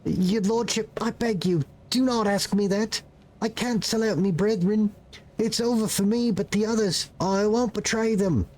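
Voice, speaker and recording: A man's voice: sits high, unhurried, darkish tone, pitched above the performer's own voice. A man voicing a terrified young male peasant rebel, speaking in a put-on British accent with urgent, pleading delivery. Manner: urgent, pleading, breathless storytelling.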